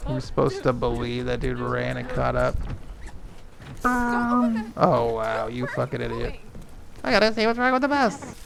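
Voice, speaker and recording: A man hosting a movie reaction video, swearing and talking back at the screen in casual, excitable commentary. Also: medium pitch, a little slow, vocal fry, long pauses, background noise. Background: film soundtrack music.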